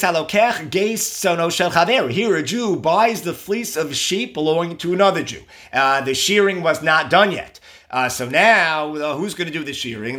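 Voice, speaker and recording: A man's voice: fairly high pitch, fairly bright tone. A man teaching a religious text line by line, reading each phrase aloud and then explaining it with rhetorical questions. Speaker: Torah teacher.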